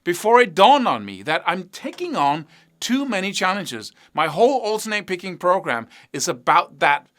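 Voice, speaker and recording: A man teaching guitar technique, explaining with vivid analogies and rhetorical questions in an animated way. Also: high voice, moderate pace. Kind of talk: instructional talk to camera.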